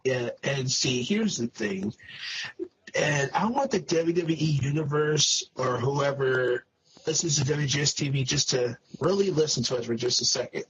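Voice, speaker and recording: A man giving emphatic, drawn-out opinions as a casual podcast commentator. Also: medium pitch, husky. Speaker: wrestling show reviewer. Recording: dull lo-fi audio.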